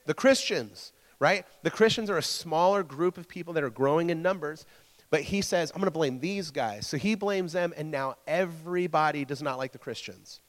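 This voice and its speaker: A man's voice: fairly high pitch, normal speed, big-room sound. A man preaching a casual sermon to a church group. He stumbles over his words, repeats himself and keeps checking in with the listeners.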